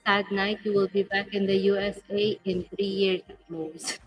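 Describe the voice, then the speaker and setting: A woman's voice: mid-range voice, level tone, normal speed, highs cut off, soft background music. Blunt Filipina woman. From Philippines. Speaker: vlog co-host. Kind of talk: live-stream chat, reading viewer comments aloud.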